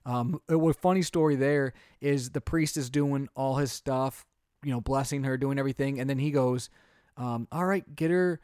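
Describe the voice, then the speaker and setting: A man in his thirties, a podcast co-host and father, chatting casually and telling animated stories. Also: mid-range voice, moderate pace, smooth, dry recording, clean studio sound. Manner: chatty, animated storytelling with quoted voices. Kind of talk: casual chat.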